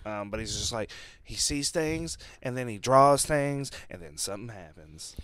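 A man's voice: medium pitch, lively intonation, moderate pace, a bit bright, clean tone, no echo. A man co-hosting a casual movie review podcast, rambling and hedging with plenty of fillers and swears. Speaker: podcast co-host.

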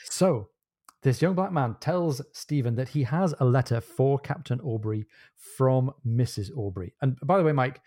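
A man's voice: mid-range voice, expressive, moderate pace, dark tone, no echo, clean studio sound. A man hosting a podcast, retelling a novel's plot with enthusiasm and wry asides. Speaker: podcast host. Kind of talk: casual book discussion.

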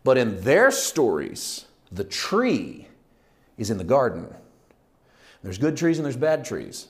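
A man teaching a Bible study in a lively, conversational way, often laughing and acting out the people in the story. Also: medium pitch. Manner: lively, laughs often, acts out quoted lines.

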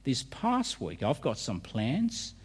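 Male pastor, sermon delivery, animated pitch, hall reverb. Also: slow, slightly rough. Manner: lively, emphatic preaching with rhetorical questions.

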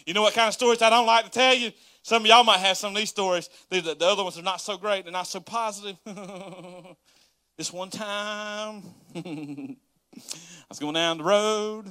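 A man, a pastor telling a folksy, animated story in a sermon with laughing asides to the congregation. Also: high voice, normal speed, clean tone.

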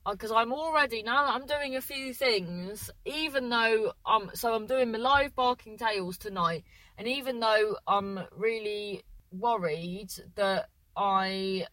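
A woman's voice: medium pitch, takes it slowly, fairly bright tone, no echo, low-quality recording. A woman co-hosting a podcast from a parked car, chatting in a rambling, self-mocking way while congested with a runny nose. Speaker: podcast co-host. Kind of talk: casual chat.

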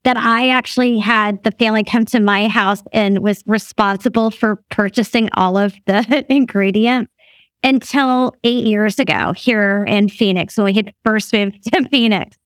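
A woman in her fifties speaks as a guest in a mid-range voice at normal speed, telling a story in a casual chat. She laughs frequently and acts out others' remarks in a lively way. The recording is dry, with clean studio sound.

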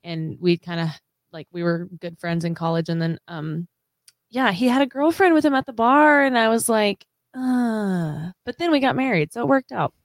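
A woman's voice: mid-range voice, moderate pace, dry recording, studio quality. A woman talking as a guest on a podcast over a video call, easygoing and agreeable. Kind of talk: casual chat on a video call.

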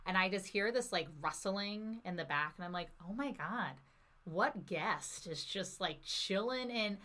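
Animated woman podcast host. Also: medium pitch, unhurried. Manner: animated storyteller, acts out quotes, laughs often. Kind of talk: casual podcast chat.

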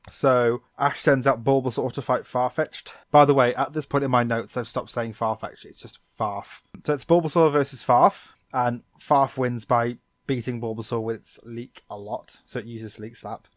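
A man co-hosting a podcast, sarcastically recapping a cartoon episode in animated storytelling. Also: medium pitch, normal speed, hardly any pauses, no room sound, studio quality. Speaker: podcast co-host.

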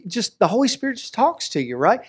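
Guy pastor preaching casual, jokey and animated, does little bits. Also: sits high, a little fast, slightly rough. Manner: animated and joking, acts out everyday scenes. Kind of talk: conversational sermon.

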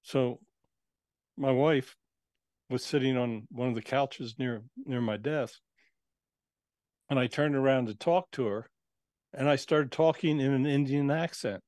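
A man's voice: medium pitch, measured pace, pauses often, darkish tone, dry recording, studio quality. A man who works as a spirit channeler, a guest on an interview show, telling his experiences in a casual, earnest, matter-of-fact way.

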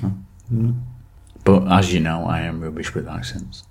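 A man's voice: low voice, normal speed, a little mellow. A man co-hosting a podcast, laid-back and self-deprecating in casual chat. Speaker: podcast co-host.

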